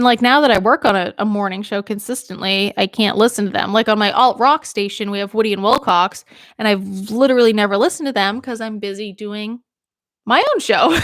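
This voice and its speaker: A young radio DJ from Maine rambles loosely on a livestream, a little tipsy from drinking and quick to laugh. Her ordinary-pitched voice is a bit bright and sounds dry and close, with no echo or room around it.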